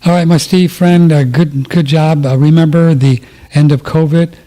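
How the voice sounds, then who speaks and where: Mellow male radio host, easygoing and agreeable, laughs easily. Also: on the high side, steady tone, moderate pace. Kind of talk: casual radio chat.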